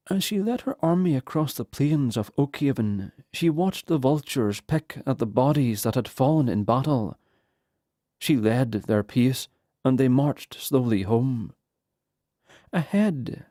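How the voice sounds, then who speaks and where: Brief: mellow male narrator, slow and steady, dry close sound. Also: medium pitch, dry recording. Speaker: audiobook narrator. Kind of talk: scripted fantasy narration.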